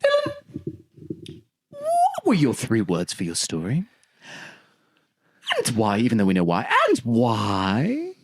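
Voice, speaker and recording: A man's voice: lowish voice, wildly swooping pitch, normal speed, pauses often, a little mellow, breathy edge. A man co-hosting a podcast, rambling through a comic story and laughing often. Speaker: podcast co-host. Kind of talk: casual comedic chat.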